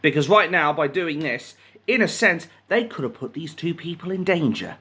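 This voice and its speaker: A man reading news articles aloud and ranting about them in profane, indignant commentary, jumping from loud outbursts to muttered asides. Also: on the high side, expressive, normal speed, slightly rough. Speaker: commentary channel host.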